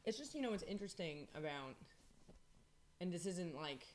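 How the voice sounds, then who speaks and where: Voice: medium pitch, animated, moderate pace, a little hiss or hum. A comedian and podcast co-host in casual chat, teasing and rambling with many restarts.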